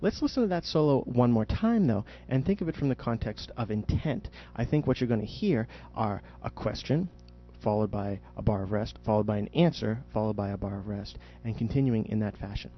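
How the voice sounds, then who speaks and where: A man's voice: fairly low pitch, animated, brisk, highs cut off. A man teaching jazz improvisation in a podcast audio lesson, explaining patiently and demonstrating spoken question and answer inflections.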